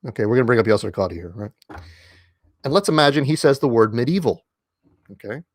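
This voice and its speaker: A man talks to his audience from home in a casual, lecture-like monologue. He leans hard on single words, repeats phrases for emphasis, and fills pauses with ums and restarts. His voice sits at a middling pitch, recorded close and dry with no room echo. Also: lively intonation. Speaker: online commentator. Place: indoors at home.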